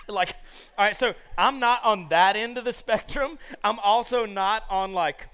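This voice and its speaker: A male preacher giving a sermon to a live congregation, telling stories in an animated, jokey way with many asides. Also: sits high, normal speed, clean tone.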